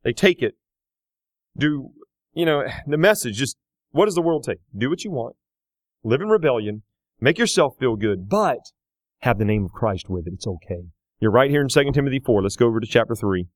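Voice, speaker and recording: A man preaching a sermon, emphatic, building to loud repeated questions. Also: medium pitch, big pitch swings, normal speed, no room sound.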